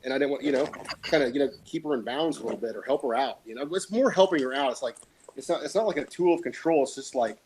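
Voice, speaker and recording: A man's voice: medium pitch, quick pace, darkish tone, slight background noise, low-quality recording. A man in casual chat, rambling and opinionated, with lots of fillers and swearing.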